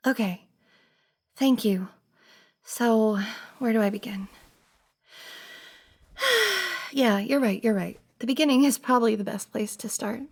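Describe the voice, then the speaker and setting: A young woman in a whispered role-play, playing a flustered best friend who talks softly and earnestly, pleading and hesitant. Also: on the high side, a little slow, vocal fry, pauses often. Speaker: ASMR roleplay performer.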